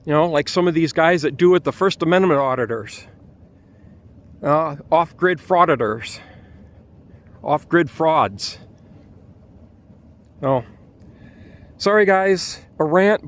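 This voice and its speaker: A man's voice: a little high, a little slow, long pauses. A man ranting outdoors in a vlog with an angry, exasperated manner and frequent restarts, with a Michigan accent. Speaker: vlogger.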